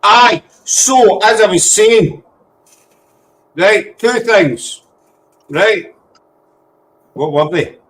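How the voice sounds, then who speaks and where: A man's voice: high voice, animated, drawn-out words, pauses often, a bit bright, poor audio. A man hosting a casual chat, rambling and easily sidetracked. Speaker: host.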